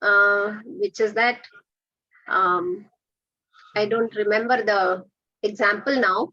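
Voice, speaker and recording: Bright-voiced woman teaching Sanskrit. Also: mid-range voice, fairly even intonation, muffled recording. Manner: patient, corrective, repeats words slowly for drilling. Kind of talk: online pronunciation class.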